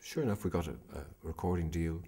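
A man reflecting in a documentary interview, often pausing to search for his words. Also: low voice. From Ireland. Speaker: interviewee, musician.

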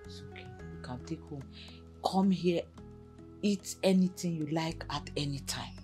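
A woman's voice: low-pitched, a little slow, dark tone, soft background music, rough recording. A soothing middle-aged Nigerian mother. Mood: comforting. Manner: soothing, reassuring. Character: warm, comforting village mother. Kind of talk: Nollywood film acting.

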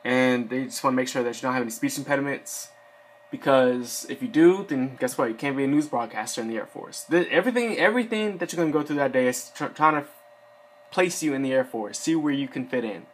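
A man's voice: medium pitch, a little fast. A young man with a mid-range voice talks loosely while seated, full of "like" and "uh" as he rambles through practical advice. His delivery is conversational and unscripted, like a friend walking you through what happened to him. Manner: rambling, filler-heavy, conversational. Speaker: Air Force enlistee giving advice. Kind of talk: casual advice vlog. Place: seated indoors.

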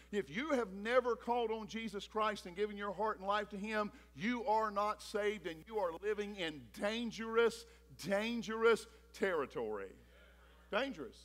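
A man pastor preaching a sermon, animated, acting out Bible characters. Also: high-pitched.

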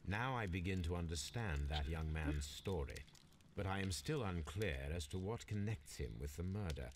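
An actor playing a measured, formal male detective in a game. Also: low-pitched, expressive, slight background noise.

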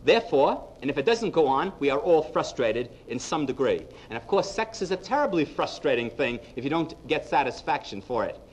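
Male psychologist lecturing to a live audience; slightly higher voice, funny and quick with punchlines. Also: slight background noise, low-quality recording. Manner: lively storyteller, punchline-driven, addresses the audience directly. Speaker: psychologist giving a public lecture.

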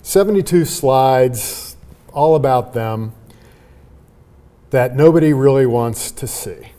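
Brief: male sales trainer guest, emphatic and animated, dark mellow tone. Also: mid-range voice, slow pace. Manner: animated, emphatic, laughs while explaining. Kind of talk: conversational interview.

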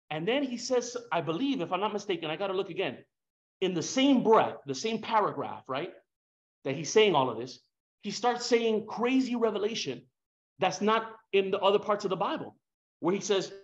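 Male preacher, high-pitched, fervent, casual slang, big swings in loudness; dull lo-fi recording. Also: expressive, normal speed. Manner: impassioned, swings between soft and loud, rhetorical questions, casual slang. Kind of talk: sermon.

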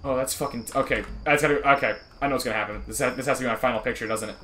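A man's voice: mid-range voice, steady tone, very fast, bright, forceful tone. A young man with a mid-range voice gives profane, jittery commentary on a horror game. He jokes nervously between scares. Crickets and insect noise hum faintly behind him. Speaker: gamer.

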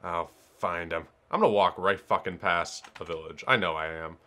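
Bright, excitable man playing a game. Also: sits low, moderate pace. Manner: excitable, swears, talks to himself. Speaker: let's player. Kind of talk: casual gameplay commentary.

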